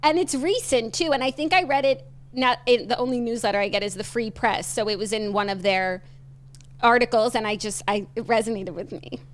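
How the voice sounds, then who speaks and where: A woman's voice: fairly high pitch, fairly quick. A woman co-hosting a podcast, bantering in a bubbly, self-mocking way. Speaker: podcast co-host. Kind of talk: casual chat.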